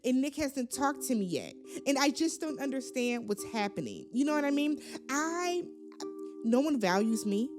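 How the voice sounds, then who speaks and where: A woman playing an insecure young reality contestant who whines and complains in a self-pitying way. The voice is slightly high. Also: big pitch swings, a little fast, few pauses, over music.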